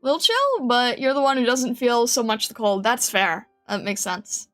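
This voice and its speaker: A woman's voice: a little high, expressive, normal speed, fairly bright tone, faint music behind. A woman streamer chatting casually with her viewers, giggling often and rambling with many restarts. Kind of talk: casual live-stream chat.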